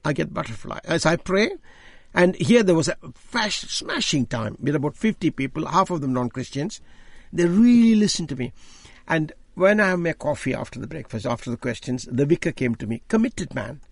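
A man's voice: a little high, normal speed, slightly rough, no echo. An older man from India with an Indian accent, preaching a testimony sermon and telling stories that act out conversations. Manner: animated storyteller who acts out dialogue. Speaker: lay preacher.

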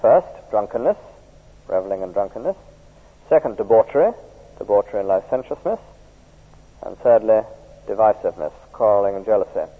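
Husky preacher, tinny echoey recording. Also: male voice, lowish voice, a little fast, long pauses. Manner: keeps drawing in listeners with tag questions. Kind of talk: sermon. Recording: tinny archive recording in a reverberant church.

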